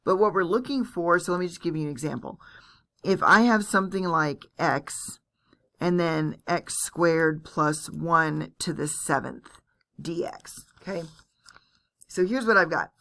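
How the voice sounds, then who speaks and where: A woman's voice: fairly low pitch, unhurried, vocal fry, a bit bright. A woman teaching calculus in a recorded lecture, chatty and self-deprecating as she walks through each step aloud. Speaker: math teacher.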